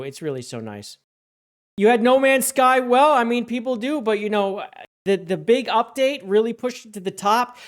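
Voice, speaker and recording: Woman, comedy award show host, rambling, sarcastic, mock panic, mid-range voice. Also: mid-range voice.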